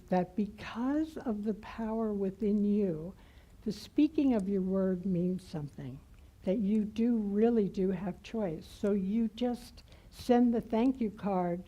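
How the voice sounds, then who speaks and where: Woman guest minister, unhurried heartfelt sermon, very dark mellow tone. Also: mid-range voice, rough recording. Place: church sanctuary.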